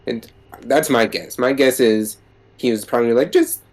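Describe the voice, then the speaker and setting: A man's voice: mid-range voice, normal speed. Chatty man acting out quotes. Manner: acts out quotes with lively voice jumps. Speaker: podcast co-host. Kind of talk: casual chat.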